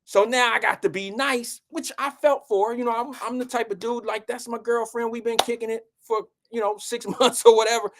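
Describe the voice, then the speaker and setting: A man's voice: extremely high pitch, fairly quick, hardly any pauses. Young guy with aave telling a wild story to his viewers, acts out the voices. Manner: animated, acts out quotes with raised voice. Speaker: show host. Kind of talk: storytelling to an audience.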